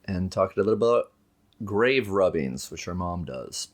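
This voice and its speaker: A man co-hosting a podcast, casually retelling a horror movie with jokes and quick put-on quotes. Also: sits low, expressive. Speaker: podcast co-host. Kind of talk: casual movie recap chat.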